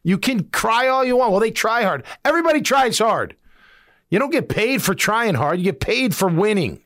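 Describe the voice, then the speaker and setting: A man's voice: high voice, big pitch swings, moderate pace, fairly bright tone, no echo, clean studio sound. A middle-aged man, a former player hosting a sports talk show, giving blunt, emphatic opinions.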